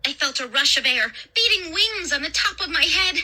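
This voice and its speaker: A woman storyteller reading a first-person horror story in a dramatic, expressive way. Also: sits high, moderate pace. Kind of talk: scripted horror story narration.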